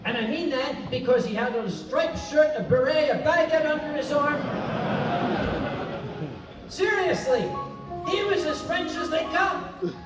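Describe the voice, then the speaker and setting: On a convention stage, a man with a very high voice tells a comic story live at a measured pace with frequent pauses, chatty, self-mocking, and prone to digressions. The echoey hall is picked up by a distant mic, with soft instrumental music in the background.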